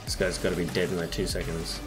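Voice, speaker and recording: A man with an Australian accent streams a tank game, chatting casually and swearing through animated live-stream banter. His voice is deep and fast, with music in the background.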